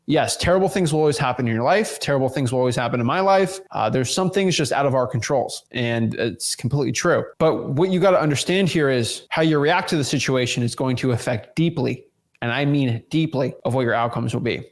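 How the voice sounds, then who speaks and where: A man's voice: medium pitch, a little fast. Emphatic man giving a motivational talk. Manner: emphatic, repeats words, addresses viewers as y'all. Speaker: real estate investing YouTuber.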